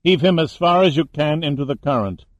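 A man voicing a menacing Peruvian male killer who speaks with icy calm. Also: a little high, brisk, no echo, muffled recording, pitched above the performer's own voice, close to an everyday voice.

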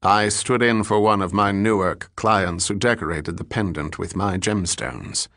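A suave male gem dealer, smooth with flattery and ceremony in every phrase, as a man reads him. The voice sits low and close, with a dry, unechoing sound. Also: unhurried, no echo. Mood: courtly. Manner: flowery, ceremonious politeness.

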